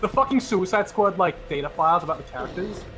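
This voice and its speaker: A man's voice: high-pitched, lively intonation, quick pace, fairly bright tone, slight background noise, rough recording. A man from outside the United States, a guest on a gaming stream, talking casually, profane and easily riled up.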